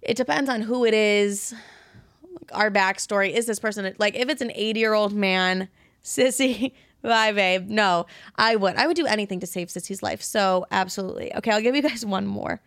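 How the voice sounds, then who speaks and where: A woman's voice: mid-range voice, normal speed, fairly bright tone, no echo, clean studio sound. Candid, profane young woman podcaster. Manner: candid, profane, chatty, self-deprecating. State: slightly out of breath. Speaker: podcast host. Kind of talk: casual solo podcast chat.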